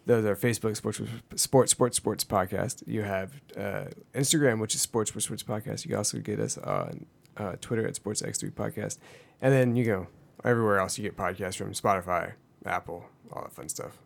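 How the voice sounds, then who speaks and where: A man co-hosting a podcast in loose, casual chat, his voice gravelly and fried. It sits rather low, and his banter comes out dry and laid-back. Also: animated, normal speed. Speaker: podcast co-host.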